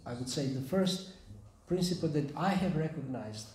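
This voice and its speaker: High-voiced man teaching in a temple. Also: a little mellow. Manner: unhurried, pauses to search for words. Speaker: spiritual teacher. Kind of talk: scripture class talk with storytelling. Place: temple hall. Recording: echoey temple hall.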